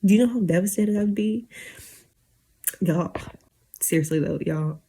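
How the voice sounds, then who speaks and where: A woman's voice: fairly low pitch, measured pace, mellow, breathy edge. A woman in her twenties ranting casually to camera late at night, rambling with lots of fillers and holding back tears as she gets emotional. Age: 20s. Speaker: YouTuber.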